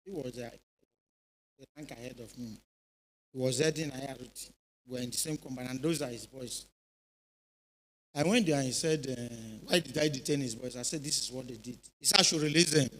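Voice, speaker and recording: A man's voice: mid-range voice, normal speed, pauses often, poor audio. A middle-aged Nigerian man, a former police officer, telling stories to a youth audience and often checking that they are following. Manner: animated storytelling, keeps checking in with listeners. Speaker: retired police officer speaking at a youth event. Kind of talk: informal speech to a youth audience. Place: church hall.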